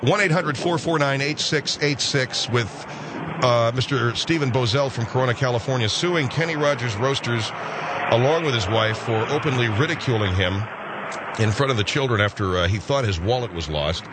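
A man's voice: mid-range voice, lively intonation. Skeptical male talk radio host, noisy. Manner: measured, interjecting, skeptical. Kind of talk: call-in talk radio hosting.

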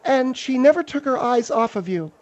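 A woman's voice: high voice, lively intonation, moderate pace, darkish tone. Blunt woman radio co-host. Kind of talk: comedy radio talk. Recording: dull radio broadcast.

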